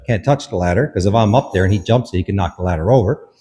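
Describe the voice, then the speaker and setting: A man's voice: sits low, quick pace, warm tone, slightly rough, in a large hall. A man, a dog behaviourist, explains a hands-on dog training demonstration in short instructive steps and commands.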